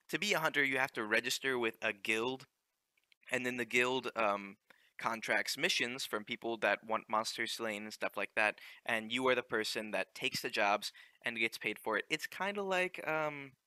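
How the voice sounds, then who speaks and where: A young man narrates his own gameplay in a relaxed, joking way. He fills pauses with ums and talks straight to his viewers. His voice is sharp and bright, recorded dry and close. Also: mid-range voice, no echo. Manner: chatty, joking asides with many ums. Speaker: let's play host. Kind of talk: casual game commentary.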